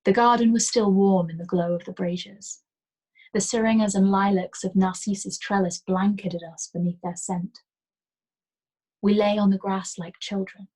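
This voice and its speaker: A woman reading a novel aloud as a storyteller, in a soft and gentle manner that sometimes drops to a whisper. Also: medium pitch, fairly even intonation, moderate pace, rough recording.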